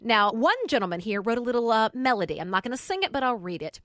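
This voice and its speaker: Chatty radio lady reading tweets out loud, bouncy higher voice, dry studio sound. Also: animated, fast, hardly any pauses, no echo. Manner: chatty, reads quotes aloud with asides. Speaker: radio show co-host. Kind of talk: casual talk radio chat.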